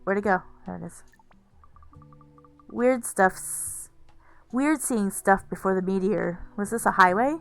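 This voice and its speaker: A woman's voice: medium pitch, a little slow, vocal fry, pauses often, a bit bright, faint music behind. A woman streaming a game, musing aloud in casual let's-play commentary.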